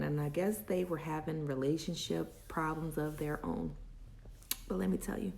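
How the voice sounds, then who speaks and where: A woman's voice: on the low side, creaky, warm tone. A woman hosting a women's chat, telling a personal story in a candid, confiding and emotional way, with faith woven in.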